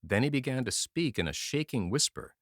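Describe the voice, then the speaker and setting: A man reading a novel aloud as audiobook narration, with an expressive storytelling manner. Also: medium pitch, a little fast, no room sound, studio quality. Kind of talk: scripted narration.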